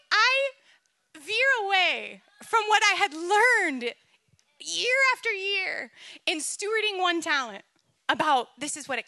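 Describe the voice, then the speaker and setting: A woman preaching a sermon, telling a personal story in an animated, emotional way and laughing often. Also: very high-pitched, no room sound.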